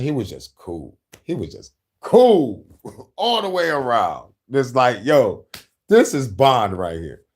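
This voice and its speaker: A man in his thirties hosting a casual podcast, talking politics and movies with profanity, laughing often and breaking into loud shouted impressions. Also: lowish voice. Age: 30s. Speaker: podcast host.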